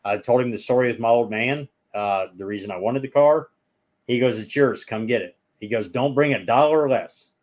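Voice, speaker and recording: A man's voice: mid-range voice, moderate pace, a little mellow. Rambling man telling stories casually. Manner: rambling, acts out the people in his stories. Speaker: guest. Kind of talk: casual storytelling chat.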